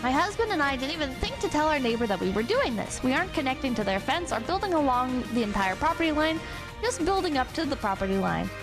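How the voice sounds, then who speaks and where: A woman's voice: sits high, very animated, quick pace. A young woman streamer with a teasing, giggly way of talking, chatting casually and reading a post aloud. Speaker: streamer host. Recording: streaming mic with music behind. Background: background music.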